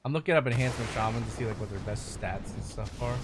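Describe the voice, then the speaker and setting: A man's voice: on the low side, fast talker, background noise. A man casually chatting on his gaming stream, rambling and swearing freely as he talks through the game.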